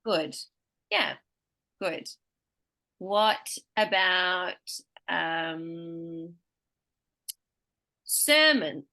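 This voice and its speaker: A woman teaching pronunciation one-on-one, patiently modeling words slowly and clearly for her student. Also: medium pitch, animated, sharp tone.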